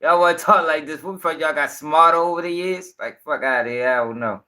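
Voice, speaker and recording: A man's voice: a little high, fairly quick, pushed and bright. A young man giving rambling, profane casual commentary on a livestream.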